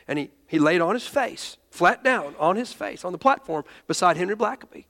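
Pastor guy preaching, high voice, gets emotional quoting folks, echoey church hall. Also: expressive, pushed and bright. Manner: emotional, quotes others in raised voice, halting restarts. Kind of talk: sermon storytelling.

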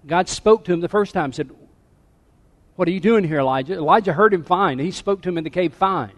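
A man preaching a sermon as pastor, dropping to a hush and then rising to emphatic points. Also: high voice, brisk, long reverb tail. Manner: dynamic, drops to a hush then rises to emphatic. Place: church sanctuary.

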